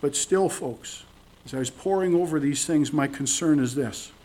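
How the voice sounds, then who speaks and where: A man preaching a sermon to his congregation, earnest, repeating phrases for emphasis and dropping from emphatic lines to hushed ones. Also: on the high side, moderate pace. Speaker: pastor. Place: church service.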